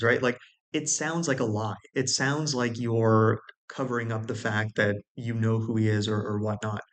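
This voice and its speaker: A man's voice: lowish voice, steady tone, moderate pace. Man explaining, peppering talk with "right?". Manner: conversational, many restarts and "right?" checks. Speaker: video host.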